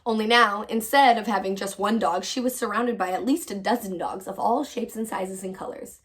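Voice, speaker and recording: A woman teacher reads a children's chapter book aloud. Her storybook narration is lively and expressive, in her own mid-range voice. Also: mid-range voice, moderate pace.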